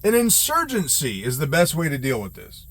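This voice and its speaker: A man's voice: on the high side, huge pitch swings, normal speed, a bit bright. A man, a combat veteran, ranting with heat and heavy profanity, often breaking off and restarting his sentences. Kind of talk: angry political rant.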